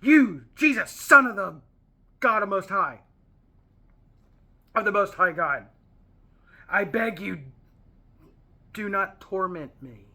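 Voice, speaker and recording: A man's voice: high-pitched, animated, takes it slowly, long pauses, pushed and bright, exaggerated voice. A man voicing a male demon who cries out and begs not to be tormented, in a screechy 1980s cartoon-villain voice. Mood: pleading. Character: shrieking, pleading male demon in a possessed man.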